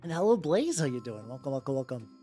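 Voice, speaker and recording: A woman with a gentle, relaxing voice chatting casually on a stream while painting miniatures, rambling with lots of restarts and casual swearing. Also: extremely low pitch, big pitch swings, quick pace. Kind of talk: casual chat. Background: faint background music.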